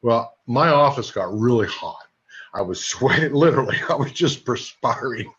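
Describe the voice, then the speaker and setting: A man in his sixties giving a sales training talk, a lively storyteller who throws quick asides to his audience. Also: medium pitch. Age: 60s. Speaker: network marketing trainer. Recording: dull lo-fi recording.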